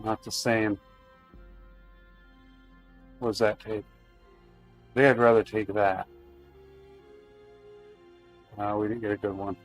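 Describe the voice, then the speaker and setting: A man's voice: on the low side, level tone, a little slow, soft background music. A man streaming a video game live, chatting casually to his viewers while he plays. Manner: chatty, talks to chat while playing.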